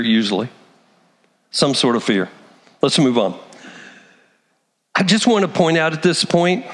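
A man preaching a sermon, animated, acting out the voices of people he quotes. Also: fairly high pitch, big-room sound. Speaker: pastor.

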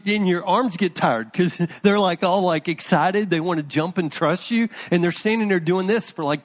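High-voiced man preaching a sermon. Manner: conversational, addresses congregation by name. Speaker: pastor.

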